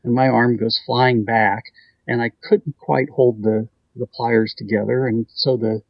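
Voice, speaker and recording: Gravelly man telling a story. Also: a little slow, dry recording, highs cut off. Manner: animated storyteller, jumps up in pitch acting out his wife. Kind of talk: casual storytelling chat.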